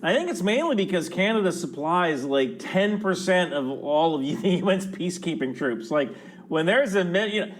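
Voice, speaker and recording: A man's voice: high-pitched, animated, moderate pace. A man giving casual commentary as a military analyst in a clip from another video, talking loosely with fillers and restarts.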